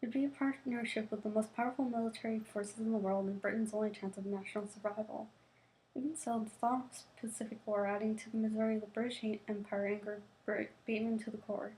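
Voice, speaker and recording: A woman's voice: fairly high pitch, fairly even intonation, quick pace, warm tone, rough recording. A young woman, a student, reading a novel aloud, often tripping and restarting words and adding casual asides. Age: young adult.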